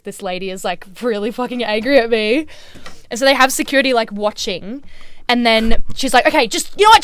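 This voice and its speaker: A woman's voice: medium pitch, clean tone, dry recording. A young woman, co-hosting a casual chat podcast, telling a work story with lots of acted-out quotes and swearing. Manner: animated storyteller, acts out quotes, swears freely. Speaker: podcast co-host.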